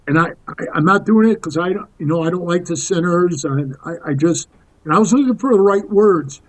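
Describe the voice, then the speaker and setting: A man's voice: sits high, animated, a little fast, poor audio. A man in his sixties telling rambling, tough-talking stories as a podcast guest, calling the host "bro.". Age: 60s. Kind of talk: casual storytelling interview.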